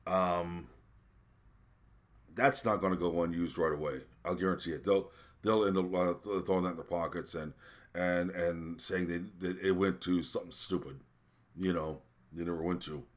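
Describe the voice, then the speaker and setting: Man, very deep voice, indignant rant, swearing, halting delivery. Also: steady tone. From American. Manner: indignant, swearing, frequent stumbles and fillers. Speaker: vlogger. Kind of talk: ranting commentary.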